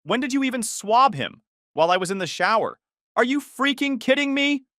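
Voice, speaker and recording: A man's voice: a little high, very animated, moderate pace, sharp tone, no room sound, clean studio sound, voice pushed up. A man voicing a furious, tearful young mother who screams and sobs her accusations in a raised voice. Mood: furious screaming.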